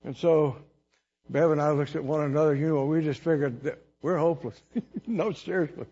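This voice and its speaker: A man's voice: fairly high pitch, moderate pace, dark tone, slightly rough, highs cut off. A man preaching a sermon, telling his own testimony in an earnest, emotional way with chuckles between lines.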